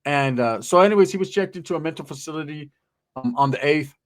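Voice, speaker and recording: Streetwise middle-aged male commentator, fairly high voice for a man, profane, rambling delivery. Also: fast talker. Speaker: host, commentator.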